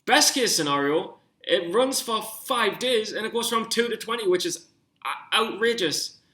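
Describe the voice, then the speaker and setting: A young man talking through his stock trades on screen, rambling and getting excited, swearing when worked up. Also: high voice, unhurried. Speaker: stock trading vlogger. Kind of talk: casual screen-share commentary.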